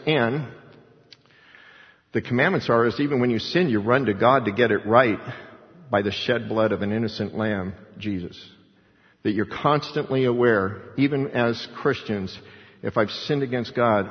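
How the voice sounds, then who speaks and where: A man's voice: mid-range voice, normal speed. A man preaching a sermon, earnestly quoting scripture and acting out prayers with emphasis. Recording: dull sound with long hall reverb.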